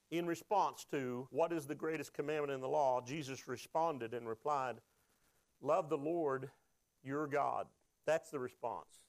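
A man's voice: fairly high pitch, no room sound. A man preaching a sermon, emotional at times and drawing the congregation into call-and-response. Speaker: pastor.

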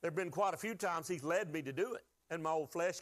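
A man's voice: on the high side, quick pace. A man preaching a sermon to his church, folksy and joking, asking the congregation to call out answers. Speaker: pastor.

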